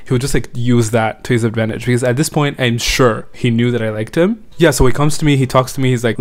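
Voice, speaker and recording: A young man chatting through a storytime vlog in a loose, rambling way. His voice sits at an everyday middle pitch, and he keeps circling back with "like" and asides to the listener. He sounds relaxed and unscripted. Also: quick pace, few pauses. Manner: rambling, filler-heavy, frequent "like" and "you know what I mean". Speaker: vlogger telling a personal story. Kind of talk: casual storytime monologue.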